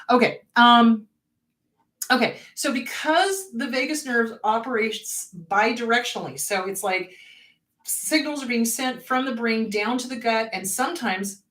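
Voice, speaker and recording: A woman's voice: a little high, a little slow, fairly bright tone. A woman therapist hosting a show, talking casually and acting out panicked inner voices as she explains. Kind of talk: casual educational talk. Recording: roomy echo, distant from mic.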